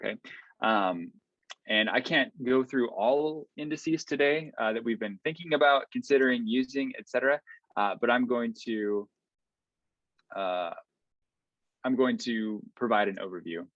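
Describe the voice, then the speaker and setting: A man giving an online academic lecture in a relaxed, explanatory way, with frequent ums and okays. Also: medium pitch, a little slow, no echo. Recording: dull, slightly lo-fi online lecture audio.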